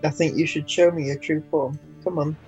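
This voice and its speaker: A man's voice: fairly high pitch, steady tone, fairly quick, darkish tone. A man taking part in a tabletop game as a player, brash and playful. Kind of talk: tabletop role-play. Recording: dull lo-fi sound with faint music.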